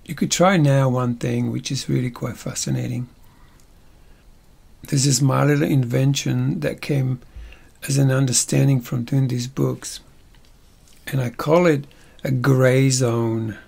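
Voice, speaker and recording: A man leads a workshop with an unhurried, gravelly voice. His tone is husky, and he teaches playfully in a loose, conversational way. He keeps checking in with little tag questions. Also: mid-range voice, fairly even intonation, darkish tone. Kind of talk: casual guided teaching.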